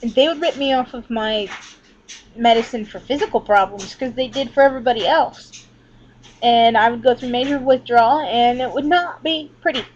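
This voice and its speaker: Here a woman's voice sits on the high side and moves at normal speed as she rambles candidly into her laptop, swearing frequently, in an indoor webcam vlog at home. She's leaning back from the machine. The built-in mic yields dull lo-fi audio with slight background noise.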